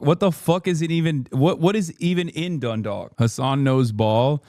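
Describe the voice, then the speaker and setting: A man's voice: fairly high pitch, moderate pace, warm tone, no echo, studio quality. A man in his thirties hosting a stream, giving casual reaction commentary as a profane, joking rant. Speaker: streamer host.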